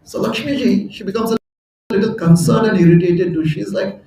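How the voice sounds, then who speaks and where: A man's voice: sits high, fairly quick, mellow. A man giving a storytelling sermon at a temple hall, chatty and laughing at his own jokes. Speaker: temple speaker. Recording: echoey hall, voice from far off.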